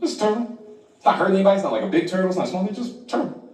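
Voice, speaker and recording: A man's voice: high-pitched, sing-song, racing, darkish tone. A man from Florida performing a stand-up comedy set, acting out other people's voices and laughing between lines. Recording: roomy hall, far from the mic, noisy.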